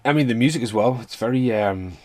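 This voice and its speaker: A man's voice: mid-range voice, a little fast, no room sound. A man giving a rambling, casual film review rant, swearing freely and laughing between points.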